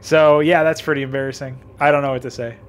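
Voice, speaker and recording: A man's voice: mid-range voice, steady tone, fast. Self-mocking young man swearing. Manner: self-mocking, swears a lot, laughs often. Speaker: game designer reviewing his own campaign. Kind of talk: casual gameplay commentary.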